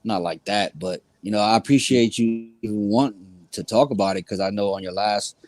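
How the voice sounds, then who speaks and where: Low-voiced relaxed man, dry sound. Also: moderate pace, no room sound. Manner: relaxed, rambling, lots of fillers. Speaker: guest panelist. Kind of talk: casual chat.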